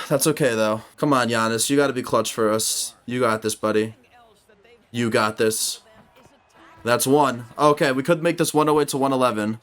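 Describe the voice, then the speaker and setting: A young man commenting on his own basketball video game, talking to the players on screen and shouting when the plays go his way. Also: mid-range voice. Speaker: gaming YouTuber.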